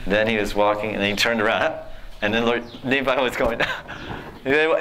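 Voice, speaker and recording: A man telling devotional stories in a sermon, animated, acting out characters and laughing often. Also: mid-range voice, moderate pace, slight background noise. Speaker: spiritual teacher. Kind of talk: storytelling sermon.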